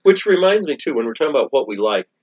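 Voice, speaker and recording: A man's voice: mid-range voice, big pitch swings, fast, a little mellow. A middle-aged man co-hosting a soda review with his son, chatting casually and drifting off topic. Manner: rambling, easily sidetracked. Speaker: soda review co-host, father. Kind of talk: casual chat. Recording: dull lo-fi sound.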